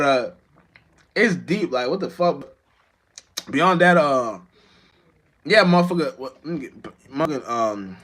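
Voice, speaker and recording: A man's voice: mid-range voice, a bit bright, slight background noise. A man musician talking to viewers on a live stream in a rambling, profane and restless way, full of restarts. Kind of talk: casual live-stream monologue.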